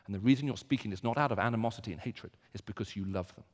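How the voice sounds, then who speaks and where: A man preaching a sermon, moving from quiet reflection to loud, emphatic repetition. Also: on the low side, rapid-fire, long reverb tail.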